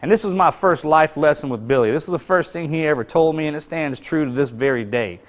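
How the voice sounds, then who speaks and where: Fast, intense male motivational speaker. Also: a little high. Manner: intense, emphatic, street-casual phrasing. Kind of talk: storytelling speech.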